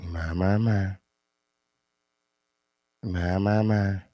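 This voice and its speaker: A man's voice: low voice, fairly even intonation, drawn-out words, warm tone, dry recording. Brash cussing gossip host guy, dry close mic. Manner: brash, profane, theatrical. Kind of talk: celebrity gossip commentary.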